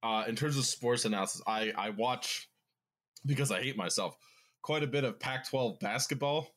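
A man's voice: mid-range voice, normal speed, fairly bright tone. A young man co-hosting a casual sports podcast, blunt, profane and joking. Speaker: podcast co-host.

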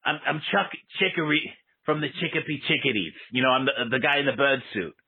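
A man's voice: mid-range voice, a little fast, slightly rough. An actor playing a hot-tempered male baseball mascot calling a radio show, stammering and swearing constantly, heard over a phone line. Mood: aggrieved. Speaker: caller.

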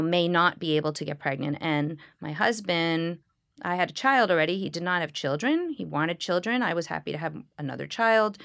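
A woman, a Reformed Jewish clergy member, speaking in a reflective interview with a smile in her voice and earnest, halting storytelling. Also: fairly low pitch, a bit bright, clear, resonant tone, dry recording, studio quality. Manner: smiling, earnest storytelling with frequent pauses and restarts. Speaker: Reformed Jewish clergy leading healing services.

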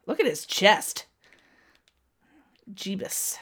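A chatty woman watches a wrestling match along with her audience. She talks at an unhurried pace and addresses viewers directly. She gasps and yelps whenever the action heats up. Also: medium pitch. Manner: excitable, gasps and cries out at the action. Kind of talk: casual live reaction commentary.

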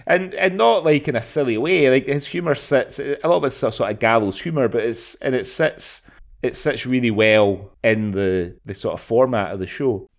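A man's voice: medium pitch, normal speed. A man in his forties, co-hosting a podcast in casual chat, laughing often and swearing freely. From Scotland. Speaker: podcast co-host.

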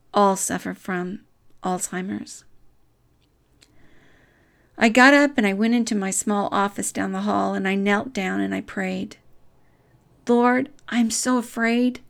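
A middle-aged woman giving a reflective devotional talk, earnest and soft-spoken, with measured pauses. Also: medium pitch, creaky.

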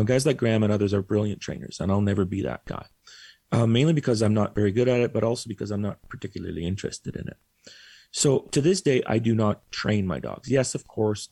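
Man, podcast guest, telling a lively story in a gravelly voice and acting out quotes. Dry close sound. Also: fairly low pitch, dry recording. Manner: animated, acts out quoted voices. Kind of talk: casual storytelling.

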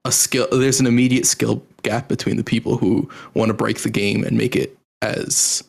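A man co-hosting a casual gaming podcast, explaining his views in a measured, hedging way. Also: mid-range voice, steady tone, gravelly. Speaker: podcast co-host.

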